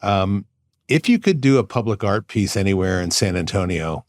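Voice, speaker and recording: A man's voice: sits low, expressive, normal speed. A man hosting a podcast interview, asking brief, wry questions. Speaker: podcast host.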